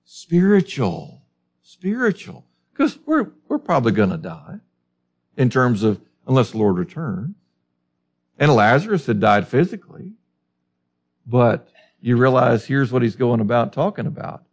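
A man's voice: mid-range voice, very animated, moderate pace, long pauses. A man preaching a sermon, teaching through a Bible passage with emphatic rhetorical questions.

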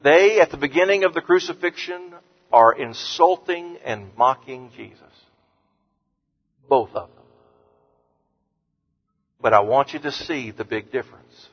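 A man preaching an earnest sermon as pastor, lifting his voice on scripture quotes and dropping low and soft on words of comfort. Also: lively intonation, unhurried, long pauses, breathy edge. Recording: muffled sound with long hall reverb.

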